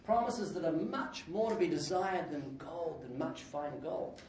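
A man preaching a sermon with lots of jokes and his own laughter, breaking into sudden loud outbursts. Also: on the high side, unhurried. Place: church hall. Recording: echoey hall, distant mic, faint noise.

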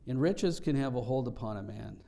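With an expressive, gravelly yet mellow voice at a middle pitch, a male pastor preaches earnestly. He reflects on scripture as he goes, stopping and beginning again.

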